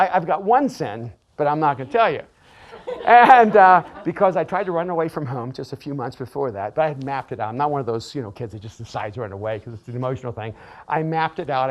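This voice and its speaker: A middle-aged man, a pastor and author, telling a personal story in an animated way, often laughing and repeating words. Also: on the high side, lo-fi sound. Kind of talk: storytelling talk.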